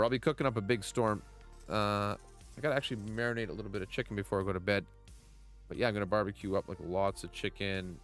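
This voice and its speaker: Chatty man streaming a mobile golf game. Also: on the low side. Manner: playful, chatty, greets viewers by name. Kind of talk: casual game commentary.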